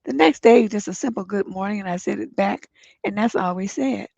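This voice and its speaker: A middle-aged woman hosts a relationship advice stream, her voice congested and deeply gravelly with fry. She reads viewer letters and answers them bluntly, swearing freely. The stream audio is dry and dull. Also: a little fast, a little mellow, dry recording. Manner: blunt, profane, gets emphatic when giving advice. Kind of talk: livestream advice chat, reading viewer letters.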